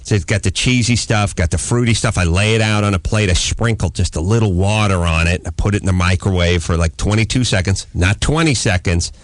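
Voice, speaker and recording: A middle-aged man hosting a radio talk show, telling a comic story as an animated rant with sudden shouted outbursts. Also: fairly low pitch, a little fast, hardly any pauses, no echo. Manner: animated ranting anecdote with shouted quoted outbursts. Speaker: host. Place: radio studio. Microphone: studio microphone.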